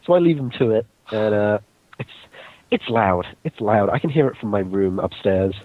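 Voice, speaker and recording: A man's voice: on the low side, lively intonation, fairly quick, no room sound. A young man casually telling a story to friends, laid-back and swearing freely. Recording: dull lo-fi recording.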